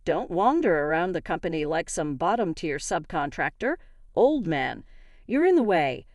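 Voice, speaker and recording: A woman voicing a rude, arrogant male company director who shouts and sneers with disdain. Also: fairly low pitch, big pitch swings, normal speed, no echo, studio quality. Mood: sneering.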